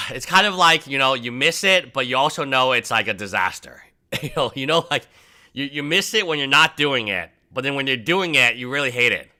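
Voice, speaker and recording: A man hosting a livestream, chatting casually and rambling, often mimicking people in a high mocking voice. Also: lively intonation, moderate pace, bright, forceful tone. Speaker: livestream host.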